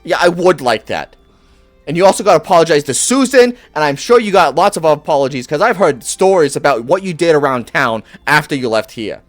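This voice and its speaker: A man's voice: a little high, animated, fairly quick, no room sound, soft background music, natural voice. A fussy halfling barkeep woman, put on by a man with a Boston accent, rattling off a scolding rant in a slightly raised voice. The sound is close and dry, with no room around it. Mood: demanding.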